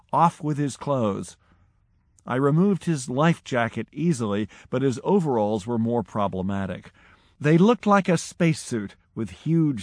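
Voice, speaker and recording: A man reads an audiobook chapter in a measured, dramatic way. His voice sits at an ordinary middle pitch. The recording is dry and close, with no room sound. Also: no room sound. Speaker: audiobook narrator. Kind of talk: scripted narration.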